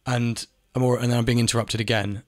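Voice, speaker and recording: A man's voice: medium pitch, flat delivery, fast talker, dry recording, clean studio sound. A man talking in a casual monologue, ranting, repeating phrases and swearing now and then. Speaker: video essayist. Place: home in Spain.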